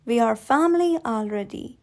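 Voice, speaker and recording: A woman reading the lines of a gentle ghostly boy from a painting, using her own voice. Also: fairly high pitch, lively intonation, normal speed.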